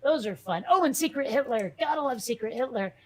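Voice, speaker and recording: High-pitched, animated, and a little fast, a female podcast co-host rambles through casual conversation with many fillers and restarts. She is chatty and hesitant, and her family is Catholic Italian.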